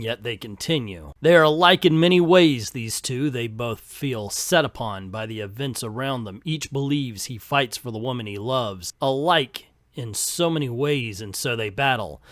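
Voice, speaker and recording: A man's voice: mid-range voice, fairly bright tone, no room sound, studio quality. A man in his fifties reviewing a comic book casually, with sarcastic asides.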